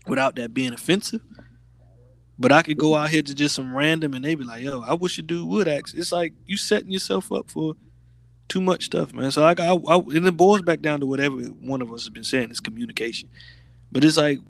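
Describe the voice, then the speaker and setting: A man co-hosting a podcast, talking in a slangy, animated way with lots of restarts. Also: on the high side. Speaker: podcast co-host. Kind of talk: casual chat.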